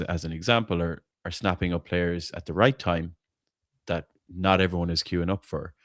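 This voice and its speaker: A man's voice: deep voice, dry recording, studio quality. A man hosting a casual football fan chat, blunt and opinionated, swearing freely and tripping over repeated words as he argues his point. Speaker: podcast host.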